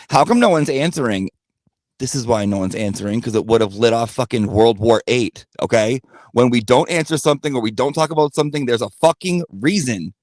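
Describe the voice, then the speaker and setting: A man's voice: on the high side, a little mellow, no room sound, clean studio sound. A man telling a blunt, profane gossip story in a rambling rant-style monologue. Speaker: channel host.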